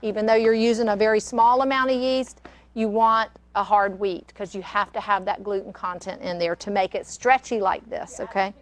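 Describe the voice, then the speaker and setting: A woman's voice: medium pitch, fairly even intonation, moderate pace. An older woman, hosting a casual cooking demonstration and chatting in a rambling, storytelling way. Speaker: cooking show host. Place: kitchen studio.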